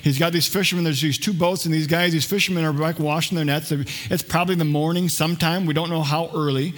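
Conversational preacher, a man, slightly high voice. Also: fairly even intonation, quick pace. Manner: conversational, jokes with the congregation. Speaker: pastor. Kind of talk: sermon. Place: church.

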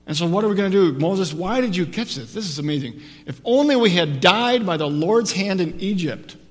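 A man preaching a sermon as pastor, telling the story with lively shifts from soft to emphatic. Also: a little high, long reverb tail.

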